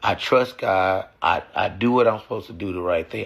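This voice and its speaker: Man, low gravelly husky voice, blunt cussing, emotional personal talk. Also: steady tone, brisk, hardly any pauses, a bit bright. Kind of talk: casual reflective talk.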